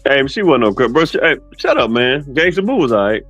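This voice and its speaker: A man's voice: brisk, faint music behind. A man co-hosting a livestream, joking casually and mimicking others. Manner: animated, joking, mimics others in high voices. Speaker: stream co-host.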